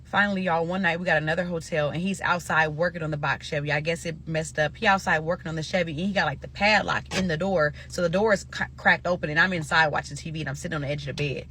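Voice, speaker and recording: A woman from Nebraska casually telling a personal story to viewers, animated and profane, calling them "y'all". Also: sits low, fast talker, few pauses, slight background noise. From Omaha, Nebraska.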